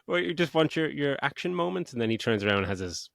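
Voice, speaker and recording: A man's voice: mid-range voice, very animated, quick pace, gravelly, a bit bright, no room sound, studio quality. A middle-aged man hosting a podcast, retelling a film plot in a rambling, sweary, casual way. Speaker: podcast host. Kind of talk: casual film review chat.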